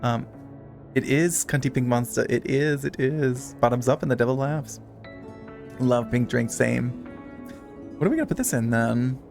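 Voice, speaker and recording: A man's voice: mid-range voice, normal speed, gravelly, pauses often, darkish tone, faint music behind. A man chatting casually with his viewers while playing a game, swearing freely and reading text aloud. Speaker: streamer. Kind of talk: casual live-stream chat while gaming.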